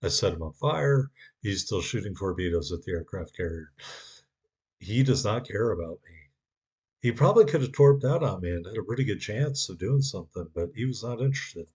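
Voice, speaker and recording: A man's voice: lowish voice, animated, fairly quick, darkish tone, slightly rough. A man giving a sarcastic, wry voice-over commentary on his own gameplay.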